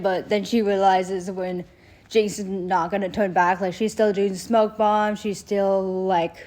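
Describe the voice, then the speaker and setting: A woman's voice: mid-range voice, mellow. Young woman chatting about a show, rambly, says like constantly, jumps into character lines. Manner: rambling, heavy "like" fillers, acts out characters' lines. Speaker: show reviewer. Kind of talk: casual recap chat.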